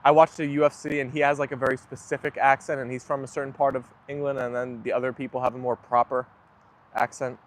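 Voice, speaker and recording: A young man with a medium-pitched voice talks quickly while hosting a casual livestream, replying to incoming comments in a relaxed, chatty way and frequently siding with his viewers. There is slight background noise.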